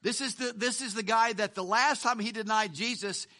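A man pastor preaching a sermon in a conversational way, swinging between loud emphasis and hushed lines, with asides and chuckles. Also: high-pitched, normal speed.

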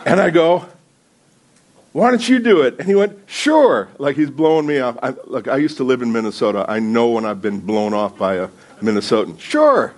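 Talking quickly with hardly any pauses, a guest preacher uses his medium-pitched, darkish voice to open a casual sermon. He tells loose stories that poke fun at himself and laughs often, addressing a congregation in the sanctuary.

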